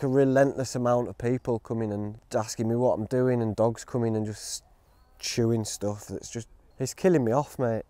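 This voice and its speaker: Grumbling man, mellow voice. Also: mid-range voice, no echo. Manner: grumbling, rambling and self-mocking. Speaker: outdoor gear reviewer. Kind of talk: casual vlog chat. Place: outdoors in woods.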